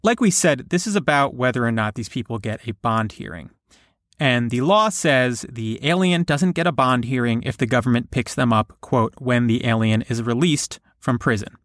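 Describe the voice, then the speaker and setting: A man co-hosting a podcast, explaining a court ruling in steady casual talk. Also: medium pitch, normal speed, dry recording, clean studio sound. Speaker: podcast co-host.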